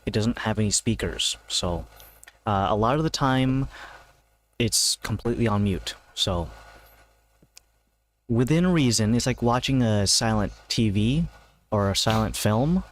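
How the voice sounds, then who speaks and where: A man's voice: lowish voice, expressive, a little slow, pauses often. A man narrating a homebrew tabletop game as game master, in a loose, hesitant way with many fillers. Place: home, seated in a gaming chair.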